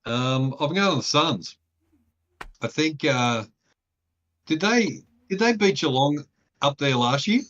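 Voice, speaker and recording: Male co-host, bright voice, dull lo-fi audio, laid-back chat. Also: fairly high pitch, expressive, slow pace, long pauses. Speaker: podcast co-host. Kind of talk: casual chat.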